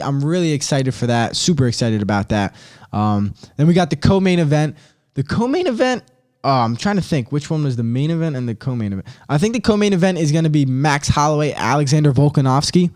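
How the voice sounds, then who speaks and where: A young man talking on his own podcast in a casual, slangy way, getting worked up as he tells a story. His voice sits a little higher than most men's. He gets excitable and animated as he goes. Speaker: podcast host. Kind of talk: casual solo podcast chat.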